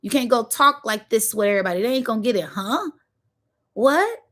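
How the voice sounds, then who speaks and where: A woman delivers a spiritual pep talk in a fairly high voice. She preaches with emphasis, stacks repeated phrases and slips into slang. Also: rapid-fire, a bit bright. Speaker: spiritual channel host. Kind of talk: motivational spiritual monologue.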